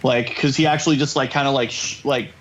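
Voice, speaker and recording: A man co-hosting a podcast in casual chat, excitable and quick with asides, swearing freely. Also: mid-range voice, slight background noise. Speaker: podcast co-host. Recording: slightly dull lo-fi sound.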